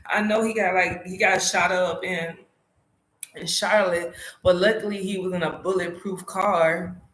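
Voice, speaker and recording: A motorcycle vlogger from South Carolina tells an emotional story at home, animated and swearing often in casual vlog chat. Her voice is on the low side and a little slow, recorded in an echoey room.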